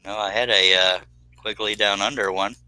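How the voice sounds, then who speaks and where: A man's voice: fairly low pitch, fairly even intonation, normal speed, bright, forceful tone, low-quality recording. A man hosting a live stream, chatting casually and teasing while he works. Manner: dry, teasing humor with Southern phrasing. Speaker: live stream host, pattern maker. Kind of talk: casual chat while working.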